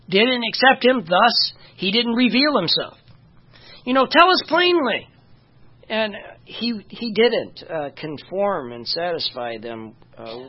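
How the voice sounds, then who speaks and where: In a dull, lo-fi recording, a Bible teacher works through scripture informally, leaning heavily on "you know" and pausing to look up verses. The voice is mid-range, husky and slightly breathy.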